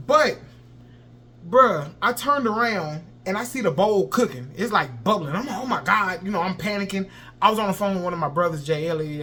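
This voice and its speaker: A man's voice: sits high, a bit bright, a little hiss or hum. A young man, telling a story in a vlog and acting out sounds and his own panic. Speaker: vlogger.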